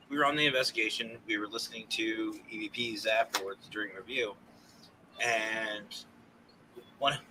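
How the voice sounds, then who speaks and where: A man, a paranormal consultant guest, telling animated stories in casual podcast chat and laughing often. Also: fairly low pitch, a little hiss or hum, low-quality recording.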